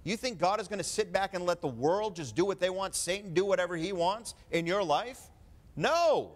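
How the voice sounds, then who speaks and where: A male preacher delivering a fervent sermon full of rhetorical questions, swinging between quiet talk and loud preaching. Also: sits high, brisk.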